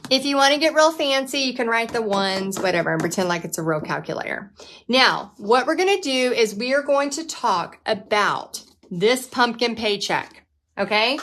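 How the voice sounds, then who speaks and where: An upbeat woman in her forties leads a live painting class from her home studio. Her voice sits a little high, and her talk is chatty and relaxed. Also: moderate pace. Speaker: painting instructor and host. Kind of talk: casual live-stream teaching.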